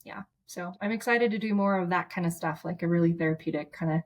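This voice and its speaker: Woman therapist, guest; low-ish voice, heartfelt chatty storytelling full of restarts. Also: fast. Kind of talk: casual storytelling.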